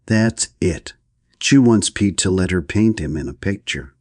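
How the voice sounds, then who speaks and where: A man's voice: low-pitched, animated, unhurried, dry recording, studio quality. A man voicing a placid, prim young woman in an audiobook reading, speaking in an unbothered drawl.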